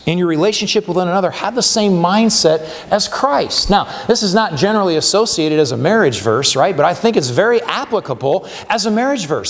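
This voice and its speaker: A man's voice: high-pitched, expressive, fairly quick, hardly any pauses. A male pastor giving a sermon in a conversational way, often checking in with "right?" as he talks. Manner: conversational preaching with frequent "right?" tags and restarts. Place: church sanctuary. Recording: church hall with long reverb.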